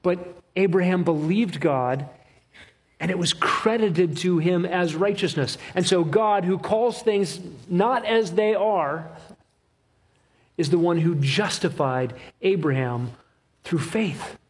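Husky high-voiced preacher, emphatic. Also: male voice. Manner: emphatic, rhythmic repetition with slow stressed phrases. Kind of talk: expository sermon.

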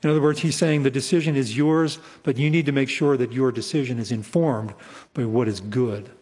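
Man preaching a verse-by-verse sermon, husky, earnest, repeats for emphasis; reverberant hall. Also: medium pitch, steady tone, brisk, a little mellow. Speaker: pastor. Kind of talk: expository sermon.

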